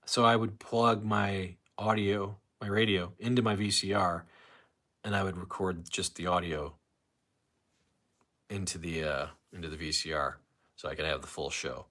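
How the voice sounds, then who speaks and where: A man's voice: low voice, fairly even intonation, moderate pace, a bit bright. A man hosting a casual live stream, rambling, restarting his sentences and reading viewer comments aloud.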